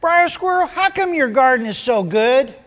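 Man putting on a lazy pestering rabbit, very high voice, pushy questions, folksy tale. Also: expressive, normal speed, fairly bright tone. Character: lazy pestering male rabbit, whiny and nosy.

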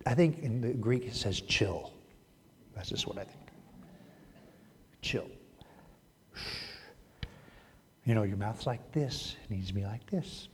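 A man preaching a sermon, animated, swinging from loud exclamations to hushed asides and acting out quoted voices. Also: lowish voice, unhurried, pauses often, in a large hall, slight background noise. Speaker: pastor.

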